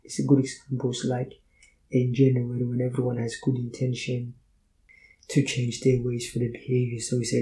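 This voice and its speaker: A man giving an Islamic motivational talk, explaining ideas in measured steps and telling personal stories. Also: medium pitch, completely flat delivery, warm tone, rough recording. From Somalia. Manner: measured, lists points in sequence. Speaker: motivational speaker. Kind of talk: Islamic self-help talk.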